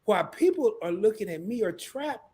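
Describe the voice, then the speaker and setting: Brief: husky man, higher voice, animated preachy livestream host. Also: a little fast. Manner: animated, stumbling restarts, preachy. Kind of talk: casual livestream talk.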